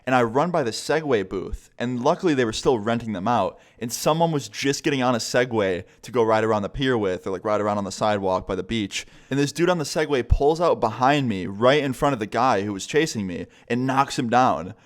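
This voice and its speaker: A man's voice: mid-range voice, expressive, brisk, few pauses. A young man vlogging a casual storytime, rambling and swearing a lot. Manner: rambling, profane, chatty.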